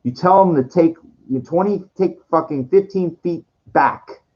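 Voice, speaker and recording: Man, rambling vlog monologue, blunt and profane, trails off and restarts, muffled low-fi audio. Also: measured pace, darkish tone. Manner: quoting others in acted voices. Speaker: streamer.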